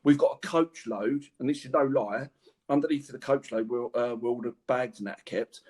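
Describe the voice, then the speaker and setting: At a medium pitch and normal speed, a former footballer tells animated, slangy anecdotes during a casual podcast chat, laughing his way through the stories.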